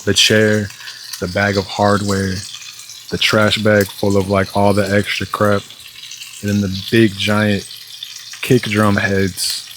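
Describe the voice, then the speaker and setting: A young man with a lowish voice rambles through a story as he cooks at home, swearing freely and sounding fed up. Frying food and faint noise sit behind him in the kitchen. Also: completely flat delivery, slow pace, long pauses. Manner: profane, exasperated storytelling with lots of fillers. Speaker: vlogger. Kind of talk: casual storytelling vlog while cooking.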